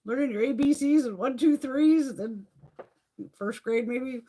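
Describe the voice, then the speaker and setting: A middle-aged woman hosting a casual live chat, telling stories in a profane, animated way and laughing often. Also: high-pitched, unhurried. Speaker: livestream host.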